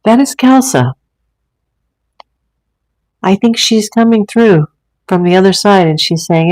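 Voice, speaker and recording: A woman's voice: medium pitch, expressive, a little slow, pauses often, a little mellow, low-quality recording. A woman hosting a casual livestream from a room at home, talking in a rambling, chatty way with many fillers. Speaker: livestream host. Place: home room with a green screen and ring light.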